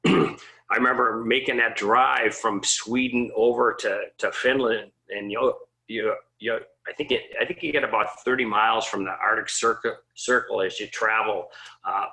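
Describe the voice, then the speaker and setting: A man's voice: fairly low pitch, gravelly, bright, forceful tone, rough recording. A man, a former assistant hockey coach, telling a rambling, chuckling recruiting story as an interview guest. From Minnesota. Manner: rambling, frequent restarts and chuckles.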